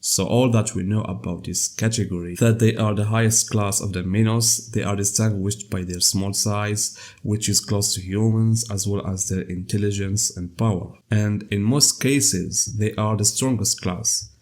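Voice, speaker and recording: A man with a cold and a scratchy voice, hosting an anime lore channel in a measured, scripted explainer narration. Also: lowish voice, fairly even intonation, darkish tone.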